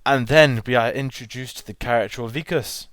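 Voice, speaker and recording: A man's voice: medium pitch, a little fast, fairly bright tone, dry recording. A man co-hosting a film podcast, chatting enthusiastically and rambling with restarts. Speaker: podcast co-host. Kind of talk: casual film chat.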